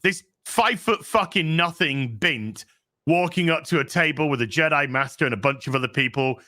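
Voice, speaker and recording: Man, podcast host, sarcastic profane rant, fairly high voice, tense and forceful. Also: lively intonation, normal speed. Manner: profane, sarcastic, exasperated, acts out characters' lines. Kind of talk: casual review rant.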